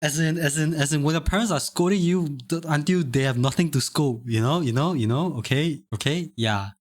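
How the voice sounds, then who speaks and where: A man's voice: fairly high pitch, brisk, darkish tone. A young man streaming live, chatting casually with lots of stammered restarts and laughter. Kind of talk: casual chat.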